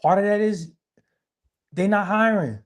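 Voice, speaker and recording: A man's voice: high-pitched, measured pace. A young man, co-hosting a podcast in casual, emphatic conversation and often repeating himself. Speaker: podcast co-host.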